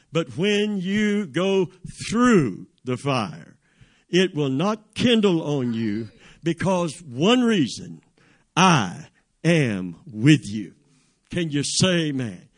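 A man preaching a sermon in a church, calling out to the congregation with emphatic, drawn-out phrases and rising exclamations. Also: mid-range voice. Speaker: pastor. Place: church sanctuary.

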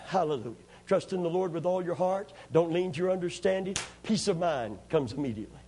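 A man with a high-sitting voice talks a little fast, with a little hiss or hum on the recording. He delivers a sermon of lively, folksy, humorous stories and keeps prompting the congregation to respond.

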